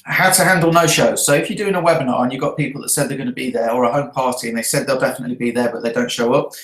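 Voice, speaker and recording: A man's voice: mid-range voice, fairly even intonation, rapid-fire, a bit bright, reverberant, poor audio. A man who trains network marketers, talking through his event notes earnestly and often checking in with his listeners. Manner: earnest, checks in with a frequent tag question.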